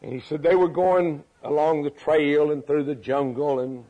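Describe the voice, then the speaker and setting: An older man preaching a sermon as pastor, moving from loud, high preaching to quiet storytelling. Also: fairly even intonation, moderate pace. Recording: dull lo-fi recording.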